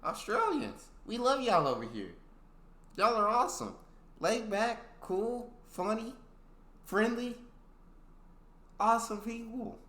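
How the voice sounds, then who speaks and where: Bright-voiced man hosting a reaction video. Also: sits high, big pitch swings, takes it slowly, long pauses, echoey room. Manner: chatty, hypes viewers, says y'all. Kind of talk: casual reaction commentary.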